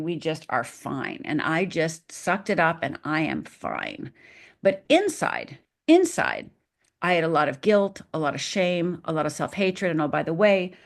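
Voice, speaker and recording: Low-voiced woman telling her story. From Upper Michigan. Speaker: guest. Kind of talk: personal storytelling.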